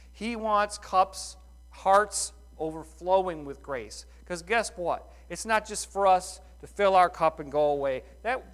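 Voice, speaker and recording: A middle-aged man preaching a sermon in a folksy, animated way, full of rhetorical questions. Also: high voice. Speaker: pastor.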